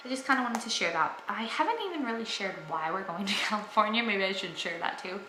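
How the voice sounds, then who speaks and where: A woman's voice: mid-range voice, animated, fast talker, few pauses, reverberant, background noise. A young woman vlogging at home, talking earnestly and enthusiastically about her faith to the camera. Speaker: family vlogger. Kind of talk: casual faith talk to camera.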